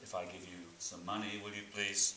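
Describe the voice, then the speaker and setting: Give me a man as a sheepish, dry-witted therapy patient, deep and bright. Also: flat delivery, brisk, recorded from a distance, slight background noise. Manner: mild, hesitant, dry. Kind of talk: improv scene. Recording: roomy live room.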